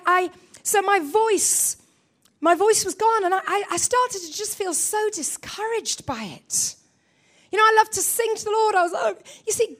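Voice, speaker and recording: A woman preacher with a very high voice delivers a sermon in an animated, emphatic way. She acts out her own quoted thoughts and often calls out questions to the congregation.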